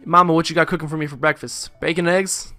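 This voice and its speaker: A man chatting through a video game, rambling and joking with profane asides. His voice sits a bit high for a man, close and dry, with soft game music under it. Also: steady tone, fast talker, dry recording. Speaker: let's play host. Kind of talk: casual gameplay commentary.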